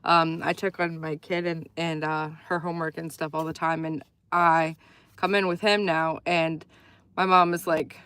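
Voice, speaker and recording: A woman's voice: low-pitched, flat delivery, normal speed, fairly bright tone, clear, resonant tone, no echo. A woman hosting a casual livestream, chatting in a rambling way and laughing often as she reads viewer comments. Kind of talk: casual live chat.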